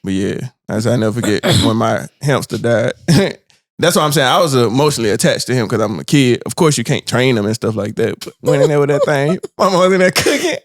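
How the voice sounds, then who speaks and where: A man's voice: mid-range voice, very animated, a little fast, no echo, studio quality. A man co-hosting a podcast, telling funny stories in casual chat, acting out voices and laughing often. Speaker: podcast co-host. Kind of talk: casual chat, animated storytelling.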